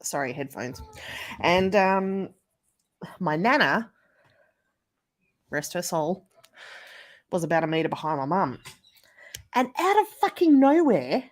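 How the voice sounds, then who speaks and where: A woman's voice: fairly low pitch, very animated, takes it slowly, long pauses. A woman telling a story in a casual livestream, chatting and swearing freely.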